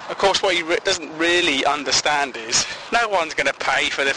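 A man's voice: fairly high pitch, background noise. A man rambles through a comic monologue, swearing and laughing at his own jokes.

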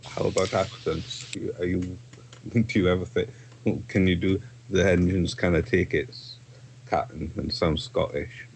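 A man's voice: sits low, steady tone, unhurried, creaky, poor audio. A man interviewing an author, asking casual questions with a laugh, with faint background noise.

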